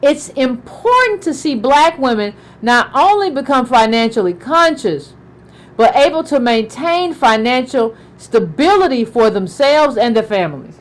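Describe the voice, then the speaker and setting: A woman's voice: high voice, very animated, measured pace, low-quality recording. A middle-aged woman giving political commentary in an emphatic way, repeating herself and asking pointed questions.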